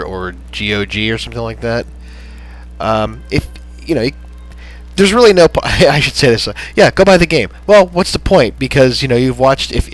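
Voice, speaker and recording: A man hosting a gaming channel, chatting in a rambling, halting way with lots of fillers as he wraps up a playthrough. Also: fairly low pitch, low-quality recording. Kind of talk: casual gameplay commentary. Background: soft background music.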